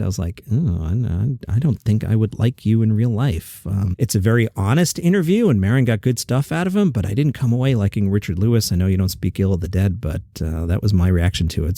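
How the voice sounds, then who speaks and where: A man's voice: fairly low pitch, mellow, no room sound, clean studio sound. A man hosting a comedy news podcast, chatty and opinionated, reading listener comments aloud.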